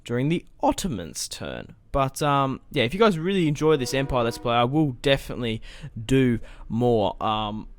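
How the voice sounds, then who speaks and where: A man's voice: medium pitch, expressive, normal speed, few pauses. A young man giving casual, rambling let's-play commentary as he plays, thinking aloud and swearing now and then. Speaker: gaming let's-play host.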